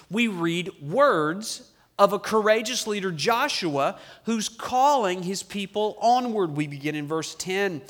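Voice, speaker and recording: High-voiced man preaching a sermon. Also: a bit bright. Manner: emphatic, slows down on key phrases; reads scripture aloud with the congregation. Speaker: pastor.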